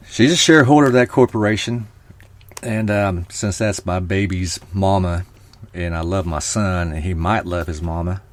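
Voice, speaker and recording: A man's voice: lowish voice, no echo. A man hosting a live podcast stream, talking casually and rambling to his viewers. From Oklahoma. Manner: chatty, rambling, talks to viewers. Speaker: podcast host.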